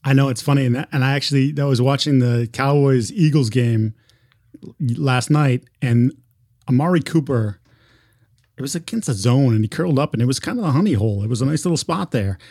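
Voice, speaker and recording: A man's voice: medium pitch, fairly quick, darkish tone, no echo, clean studio sound. A man hosting a casual sports podcast, laughing easily and prodding his co-host with short questions.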